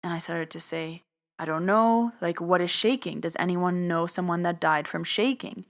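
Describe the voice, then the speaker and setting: A woman telling a personal story in a podcast, animated, acting out other people's lines as she goes. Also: lowish voice, normal speed, gravelly. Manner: animated retelling, acts out others' voices in quotes. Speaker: medium telling her story.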